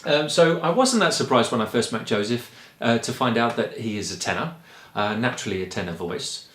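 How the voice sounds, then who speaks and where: A man from England with a Kent accent, a choir director explaining singing in a relaxed, rambling way with frequent ums. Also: medium pitch, brisk, roomy sound. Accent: Kent English. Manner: chatty and rambling, with frequent ums and light laughs. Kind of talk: relaxed spoken lesson.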